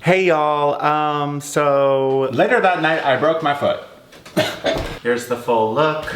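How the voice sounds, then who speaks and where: A man with a medium-pitched, unhurried voice chats casually in his home kitchen for a cooking vlog, laughing often and calling his viewers y'all. The audio sounds roomy, with background noise.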